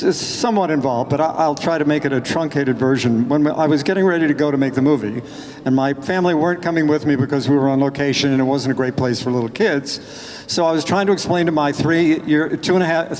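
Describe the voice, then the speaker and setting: An older man, an actor on a convention panel, telling a lively anecdote with restarts and jumping high for children's lines. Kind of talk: anecdote told to an audience. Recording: panel mic in a reverberant hall.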